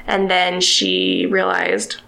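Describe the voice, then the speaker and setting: Young mom with a gravelly voice. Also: female voice, lowish voice, very animated, takes it slowly, sharp tone. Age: young adult. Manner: retells a children's book with lots of "like" fillers. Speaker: podcast guest. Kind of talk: casual storytelling chat.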